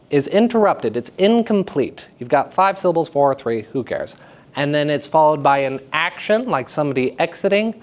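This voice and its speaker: A man teaching verse speaking to high school students in a live lecture, with a playful and teasing manner. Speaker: drama teacher giving a lecture. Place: school room at a theater festival.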